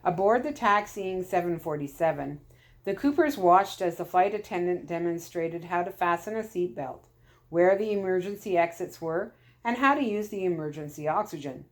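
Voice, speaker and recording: A woman storyteller reading a children's chapter book aloud, calm and steady. Her voice sits on the low side for a woman, even and unhurried.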